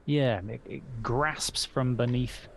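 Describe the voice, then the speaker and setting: A man playing a tabletop game, describing his character's moves in halting speech with many fillers. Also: mid-range voice, fairly even intonation, vocal fry. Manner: halting, filler-heavy storytelling.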